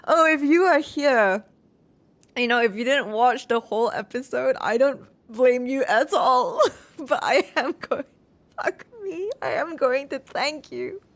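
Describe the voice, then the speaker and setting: A woman's voice: high voice, a little slow. A woman talking herself through a game boss fight, swearing and exclaiming as she plays. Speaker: gameplay streamer. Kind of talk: live gameplay commentary.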